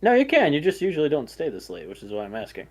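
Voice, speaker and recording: A man's voice: on the high side, huge pitch swings, fast, darkish tone. A young man playing a tabletop role-playing game, switching between narrating his character and acting out lines. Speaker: player.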